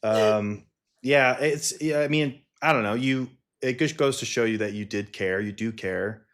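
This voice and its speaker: A man's voice: mid-range voice, a little slow, fairly bright tone. A man hosting a podcast interview, chatting casually, laughing along and teasing his guest. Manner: teasing, laughs along, brief backchannel remarks. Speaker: podcast host.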